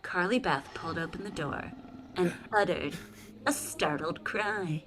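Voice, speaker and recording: A woman co-hosting a comedy podcast, reading a scary kids' book aloud with hushed, dramatic pauses. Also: lowish voice, noisy background. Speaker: podcast co-host and reader.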